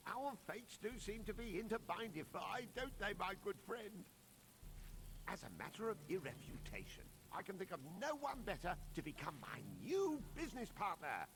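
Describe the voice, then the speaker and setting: A man's voice: sits high, vocal fry, fairly bright tone, slight background noise, heavily acted. A pompous word-mangling con man. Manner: florid speech full of mangled big words. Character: pompous male con-man entrepreneur, grandiose.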